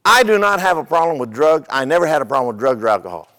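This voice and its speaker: Older male pastor, high voice, loose conversational sermon delivery with stories. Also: big pitch swings, quick pace, sharp tone, long reverb tail. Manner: conversational, repeats words, tells humorous stories.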